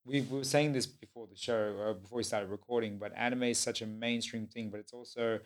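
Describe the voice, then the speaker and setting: A man's voice: mid-range voice, steady tone, fairly quick. Rambling male podcast host. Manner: rambling, with many fillers. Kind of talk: casual podcast chat.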